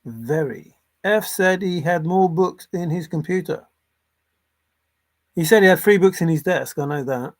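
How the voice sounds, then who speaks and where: A man's voice: a little high, measured pace, long pauses. A man giving unscripted solo commentary as a treasure-hunt vlogger, sarcastic and exasperated, swearing and repeating phrases for emphasis.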